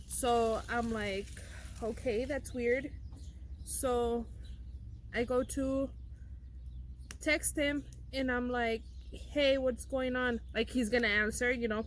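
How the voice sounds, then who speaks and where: A woman's voice: a little high, fairly bright tone, a little hiss or hum. A young woman vlogger telling a personal story in a casual, rambling way with many fillers and restarts.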